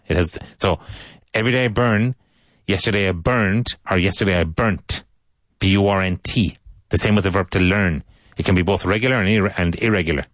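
Deep-voiced guy running an english lesson, slow repeat-after-me sentences, dry close mic. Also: a bit bright, dry recording. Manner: slow, deliberate model sentences repeated for practice. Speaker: English teacher. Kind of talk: radio English lesson with drills.

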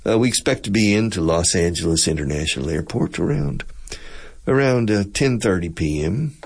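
A man with a Texan accent putting on a laid-back airline captain giving a slow, relaxed cabin announcement. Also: deep voice, husky, full character voice. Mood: relaxed, reassuring.

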